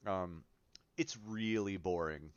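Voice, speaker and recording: A man narrating as game master of a tabletop game, relaxed and full of ums and uhs. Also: low-pitched, slow pace, dry recording. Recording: dull lo-fi mic, dry.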